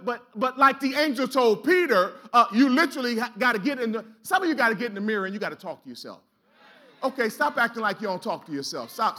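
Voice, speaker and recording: In a church sanctuary, a pastor delivers a sermon in a high, pushed, bright voice. He exhorts the congregation through call-and-response, dropping in casual, colloquial asides.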